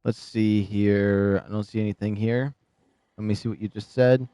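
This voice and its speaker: Chatty guy streaming a game, mellow voice, dry close mic, kinda rambly. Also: lowish voice, steady tone, moderate pace, clean tone, no room sound, soft background music. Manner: rambling, chatty, laughs often. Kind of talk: casual live gameplay commentary.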